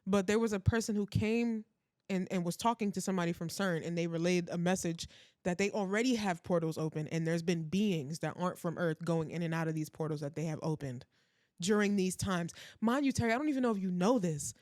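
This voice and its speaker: A woman's voice: fairly low pitch, a little fast, darkish tone, no echo, studio quality. A woman co-hosting a podcast, explaining theories in an earnest, conspiratorial casual chat. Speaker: podcast co-host.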